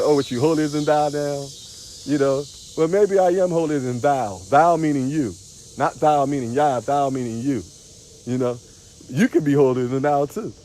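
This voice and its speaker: A man's voice: mid-range voice, warm tone. A man, a spiritual teacher, preaching on a livestream outdoors, repeating phrases with a sing-song emphasis.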